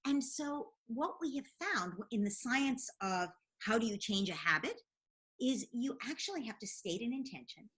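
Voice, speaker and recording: A woman's voice: on the high side, animated, normal speed, a bit bright. A woman guest in an interview, earnestly explaining parenting advice step by step. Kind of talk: interview answers.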